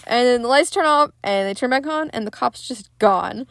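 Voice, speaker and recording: A woman's voice: on the high side, moderate pace, gravelly, no room sound. Young woman swearing through a film recap. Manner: profane, candid and excitable retelling. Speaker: podcast host.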